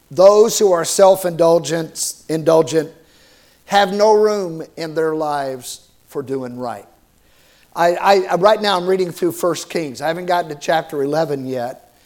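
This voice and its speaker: A man's voice: high voice, darkish tone. A man preaching a sermon as pastor, asking the congregation questions, repeating words and slipping in small jokes.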